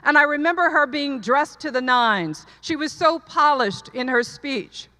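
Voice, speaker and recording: High bright woman speaking in a hall. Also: measured pace. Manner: earnest storytelling with repeated emphatic phrases. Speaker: commencement speaker. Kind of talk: commencement speech. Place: large hall, live audience. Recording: long hall reverb.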